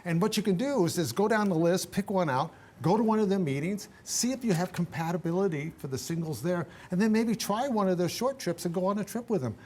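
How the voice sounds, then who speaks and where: Animated older man giving travel tips. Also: high-pitched, brisk, few pauses. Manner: animated, emphatic, restarts often. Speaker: guest travel expert. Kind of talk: radio interview talk.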